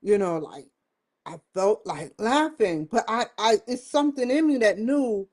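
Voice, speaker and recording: Brief: woman host of a one-person stream show, slow, chatty, laughs a lot, easily sidetracked. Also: medium pitch, lively intonation, darkish tone. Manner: rambling, jokey, laughs often. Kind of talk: casual livestream chat.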